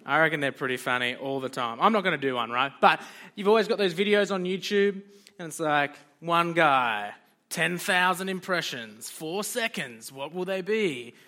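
A man's voice: fairly high pitch, lively intonation, moderate pace, pushed and bright. A young man giving a casual, joking talk to a youth group as its leader. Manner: chatty, joking, loose and informal.

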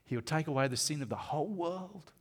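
A man preaching a sermon to a congregation, swinging from loud emphatic lines to slow, hushed asides. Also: on the high side, expressive, slightly rough.

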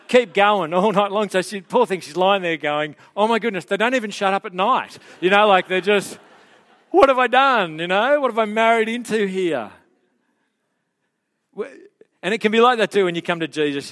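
A man's voice: on the high side, fairly bright tone. A middle-aged male pastor giving a conversational, self-deprecating sermon to his congregation, full of asides and restarts.

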